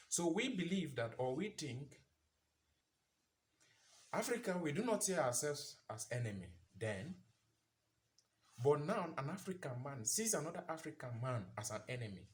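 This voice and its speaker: Male commentator, preachy and repetitive, animated, slightly high voice. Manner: preachy, asks rhetorical questions, repeats phrases for emphasis. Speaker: vlogger. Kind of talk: impassioned commentary monologue.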